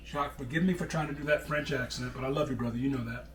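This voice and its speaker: A middle-aged man chats his way through a home cooking demonstration, folksy and relaxed. His voice sits in an ordinary middle range and is picked up from a little way off the mic in a roomy kitchen with some echo. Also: mid-range voice, fast, few pauses, distant mic, noisy background. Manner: chatty, folksy, calls people brother. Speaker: cooking show host.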